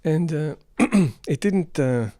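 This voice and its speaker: Male film reviewer, fairly high voice, rambling and unscripted, dry close sound. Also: animated, slow, mellow, no room sound. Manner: rambling, off-the-cuff, exasperated. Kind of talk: unrehearsed spoken film review.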